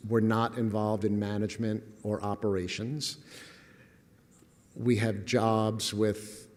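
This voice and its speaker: A man's voice: lowish voice, flat delivery, slow. Wry older man in a lecture hall. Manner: wry, self-deprecating, with chuckles. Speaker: guest speaker. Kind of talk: humorous storytelling lecture.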